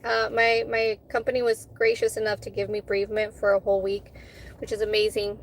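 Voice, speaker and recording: A woman's voice: medium pitch, completely flat delivery, brisk, a little hiss or hum. A woman in her thirties, a food vlogger, chatting casually while eating and telling a heated story candidly, with swearing, restarts and fillers.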